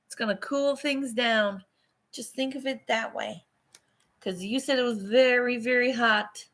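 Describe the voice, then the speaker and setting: A woman's voice: on the high side, unhurried, fairly bright tone. A middle-aged woman hosting a casual livestream from her phone, rambling, swearing casually and laughing often. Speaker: livestream host.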